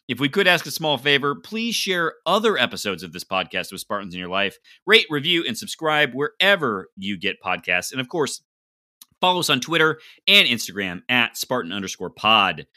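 A young man hosting a casual sports podcast, upbeat and quick with announcer-like delivery. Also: mid-range voice, big pitch swings, bright, forceful tone, no echo, studio quality. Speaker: podcast host.

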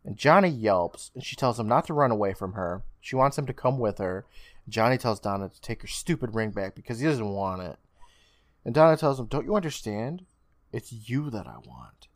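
A man co-hosting a podcast, casually retelling an episode's plot with swearing and quick acted-out lines. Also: medium pitch, sing-song, no room sound, clean studio sound. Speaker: podcast co-host recapping an episode. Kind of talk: casual recap chat.

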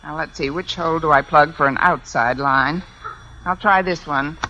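A woman's voice: low voice, moderate pace, sharp tone. A woman schoolteacher with dry wisecracks, minding a switchboard in 1950s radio comedy acting. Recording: dull hissy old radio recording.

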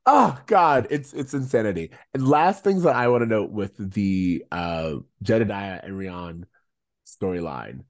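A man's voice: on the low side, lively intonation, measured pace. A man in casual podcast chat, his voice swinging widely up and down as he gets worked up. He keeps jumping into quoted lines in character voices. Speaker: podcast co-host.

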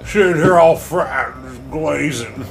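A man's voice: fairly high pitch, takes it slowly, vocal fry, slight background noise. A man, co-hosting a loose, swearing podcast chat and breaking into yelps and mock cheers. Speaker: podcast co-host. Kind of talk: casual stoned chat.

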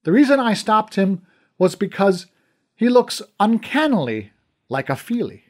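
A man's voice: high-pitched, very animated, measured pace, voice pushed up, full character voice. A man voicing a stern male master archer who guards an armory and speaks in formal, old-fashioned courtly language. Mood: grave. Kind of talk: audiobook character reading.

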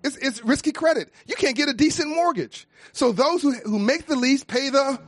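High-voiced man, preacher-like cadence. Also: normal speed, noisy background. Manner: emphatic, preacher-like cadence with repeated phrases. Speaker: nonprofit founder speaking on a panel. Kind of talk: impassioned panel talk.

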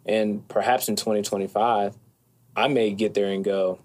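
A man speaking as an interview guest, calm and thoughtful, with occasional soft hesitations. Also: fairly low pitch, normal speed. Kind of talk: reflective conversation.

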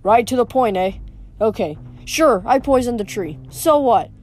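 A woman reading as a smooth, mocking young villain. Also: fairly high pitch, lively intonation, unhurried, a little mellow. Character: smooth scheming teenage boy villain. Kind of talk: audiobook reading.

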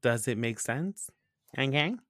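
A man from New Hampshire chatting casually as a podcast co-host, telling an animated, profane story and often laughing. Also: mid-range voice, a little slow, no echo, clean studio sound. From New Hampshire, USA. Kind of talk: casual chat.

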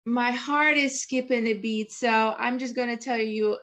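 A woman's voice: on the high side, steady tone, unhurried. A woman born and raised in Russia, hosting an interview and responding with emotion to her guest's story. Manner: warm, emotional, affirming listener. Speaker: host. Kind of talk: interview conversation.

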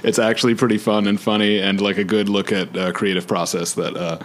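Young guy guesting on a podcast, kinda low voice, eager and rambly, laughs a lot. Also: flat delivery, fairly quick. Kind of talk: casual chat.

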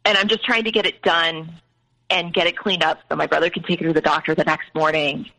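A woman's voice: deep voice, fairly even intonation, a little fast, bright, forceful tone, rough recording. A woman as a podcast guest, earnestly recounting personal experiences with frequent restarts. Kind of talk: emotional personal storytelling.

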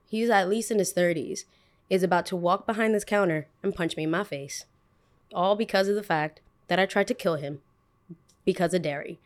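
A woman in her twenties, a podcast host telling a story in a casual, animated way, full of "like" and "I was like.". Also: mid-range voice. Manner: animated, fills speech with "like" and "I was like".

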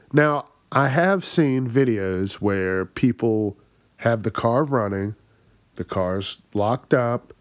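A man's voice: mid-range voice, no echo, studio quality. A man hosting his own comedy podcast, ranting in exasperated, profane bursts and laughing at his own jokes. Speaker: podcast host. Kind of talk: solo comedic rant.

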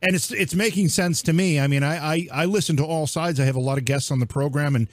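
A man's voice: on the high side, quick pace, no room sound. A man hosting a casual interview program, chatty and easily amused. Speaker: host.

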